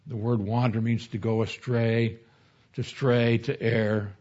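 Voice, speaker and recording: A man's voice: medium pitch, little pitch movement, measured pace, a little mellow, lo-fi sound. A man preaching an expository sermon in a conversational teaching manner, mixing scripture explanation with personal anecdotes. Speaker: pastor.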